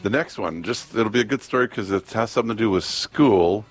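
A man's voice: on the low side, fairly quick, slightly rough, soft background music. A man co-hosting a casual morning radio show, chatty and full of curious, naive questions. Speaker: radio co-host.

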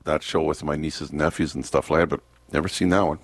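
A man's voice: very deep voice, steady tone, moderate pace, breathy edge, dry recording. A man hosting a casual radio chat, easygoing and rambling, often chuckling. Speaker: radio host.

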